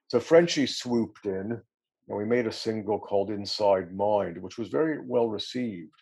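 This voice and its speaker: Gravelly low-voiced man telling band stories. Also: dark tone. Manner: rambling storyteller, self-deprecating, laughs often. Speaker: musician guest. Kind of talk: casual anecdotal interview.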